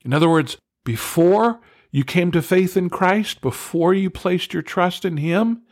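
Male Bible teacher, unhurried, earnest, emphatic, dry close sound. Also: sits high, no room sound. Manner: earnest, emphatic on key words, asks listeners directly.

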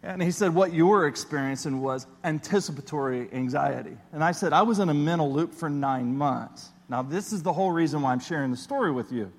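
A man preaching a sermon as a pastor, telling a personal story in an animated way and acting out his own panicked voice. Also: fairly high pitch, a little fast, few pauses, big-room sound.

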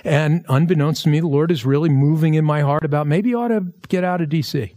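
Male pastor, Pennsylvania-raised, slightly high voice, animated storyteller who plays out the dialogue, church sermon. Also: quick pace. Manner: animated, acts out dialogue in stories. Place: church, filmed.

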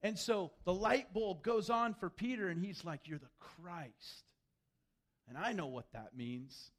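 A man preaching a sermon, animated, acting out the voices he quotes. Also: sits high, moderate pace. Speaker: pastor.

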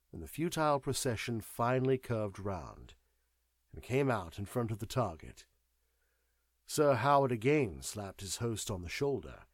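A man narrating a classic mystery audiobook in an expressive, measured storytelling manner. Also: medium pitch, no echo, studio quality. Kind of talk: scripted narration.

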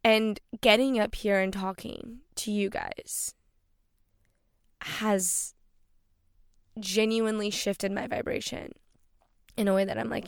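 A woman's voice: mid-range voice, steady tone, slow, creaky, long pauses, clean tone, no room sound, clean studio sound. A young woman hosting her own podcast, talking loosely and chattily with many fillers, getting emotional. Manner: loose and chatty, many likes and you-knows. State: emotional, near tears. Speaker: podcast host. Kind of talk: casual solo podcast talk.

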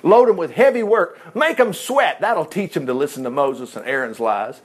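A proud king who barks scorn at his subjects, put on by a man reading scripture aloud. The voice sits high and swings wide in pitch. It comes across as a sneering, commanding ruler from a storybook Bible reading. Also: animated, normal speed, husky. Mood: scornful. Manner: scornful, barking. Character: proud scornful Egyptian king, male adult.

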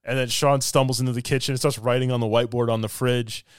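A man on a podcast excitedly retelling scenes from a film, laughing often as he talks. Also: mid-range voice, fast, clean tone, no echo, studio quality. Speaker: podcast co-host. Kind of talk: casual film review chat.

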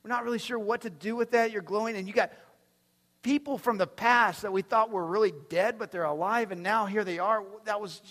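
A man preaching voices a group of bewildered men, loud and flustered. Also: high-pitched, steady tone, a little fast, pitched above the performer's own voice. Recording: long reverb from a large hall.

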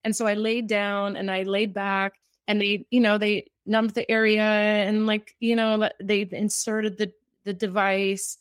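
A woman's voice: mid-range voice, flat delivery, a little slow, hardly any pauses, smooth, no echo, clean studio sound. A woman guest telling a personal story in conversation. She speaks in a heartfelt, rambling way, full of fillers. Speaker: cancer survivor guest.

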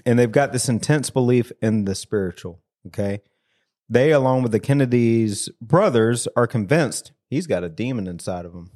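A man hosts a podcast from a small studio, with a voice that sits at a medium pitch. He tells the story loosely and jokingly, often breaking into laughter. His voice is picked up on a studio mic. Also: expressive, moderate pace, warm tone. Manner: laughs often, jokey, with a lot of fillers. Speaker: podcast host. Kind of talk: casual storytelling chat.

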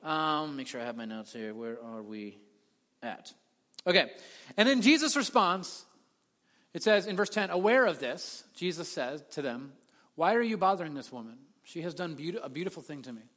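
A man preaching a sermon as a pastor, telling the story with animated delivery and acting out the voices he quotes. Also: a little high, normal speed. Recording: long hall reverb.

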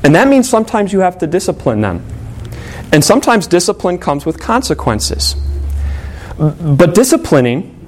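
A man's voice: fairly high pitch, a little mellow. Earnest man preaching a sermon. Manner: earnest, conversational storytelling with fillers. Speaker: pastor.

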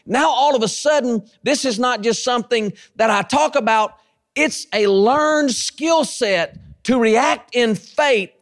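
A man preaching with a high, lively voice that swings widely in pitch. He stretches his key phrases out slowly and repeats them for emphasis. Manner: animated preaching, drawn-out emphatic repetitions. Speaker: pastor and station head. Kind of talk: sermon.

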